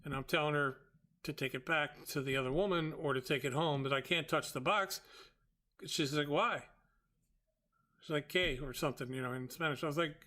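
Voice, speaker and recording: Male host, slightly high, sharp voice; animated, exasperated storyteller. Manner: exasperated, quick retelling with quoted dialogue. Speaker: trading show host.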